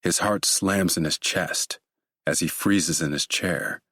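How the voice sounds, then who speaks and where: A man narrating a thriller audiobook in a measured, steady way. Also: low-pitched, no room sound, studio quality.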